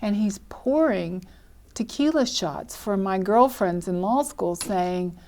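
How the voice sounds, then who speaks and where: Older woman telling a lively story. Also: mid-range voice, takes it slowly. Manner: lively storyteller who acts out quoted speech and laughs often. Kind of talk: telling her life story.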